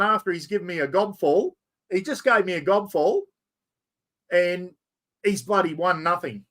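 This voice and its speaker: A man with an Australian accent and a fairly high-pitched voice talks straight to his live chat. He rambles cheerfully, laughs at his own fumbling, and keeps calling out to everyone watching. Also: animated, moderate pace. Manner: chatty, self-mocking, talks to viewers while fumbling with software. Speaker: livestream host. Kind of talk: casual live stream chat.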